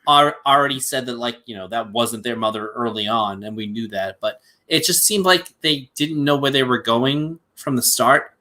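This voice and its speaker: Podcast co-host, male, bright and forceful tone, blunt with his opinions. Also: mid-range voice, moderate pace, hardly any pauses. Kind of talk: casual podcast chat.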